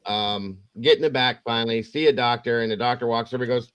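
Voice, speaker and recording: A man's voice: mid-range voice, fast talker, smooth, no room sound. A man hosting a casual livestream, rambling and acting out the voices in his stories. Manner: rambling, animated storyteller acting out quotes. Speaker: true crime livestream host.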